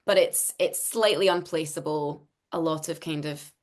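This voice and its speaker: A woman's voice: low voice, normal speed. Chatty woman with a neutral Scottish accent. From Scotland. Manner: chatty, laughing, many restarts. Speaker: voice actor guest. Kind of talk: casual interview chat.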